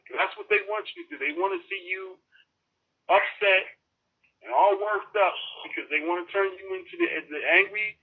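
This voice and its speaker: A man's voice: high-pitched, moderate pace, husky. A man hosting a call-in talk show, giving preachy, emphatic advice to callers. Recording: phone-like lo-fi.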